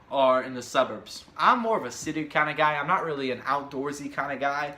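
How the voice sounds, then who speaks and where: A man's voice: a little high, a little fast, few pauses, bright, forceful tone. A young man in his twenties chatting casually through viewer questions in a rambling way with many fillers. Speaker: vlogger. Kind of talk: casual question-and-answer chat. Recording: echoey room.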